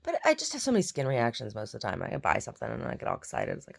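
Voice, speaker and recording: A woman chats casually to camera about her day. Her voice sits low with a gravelly fry, yet her pitch rises and falls in a lively way. She rambles and circles back over her own words. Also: very fast, few pauses. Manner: rambling, repeats herself, chatty. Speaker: painter vlogging her day. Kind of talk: casual chat.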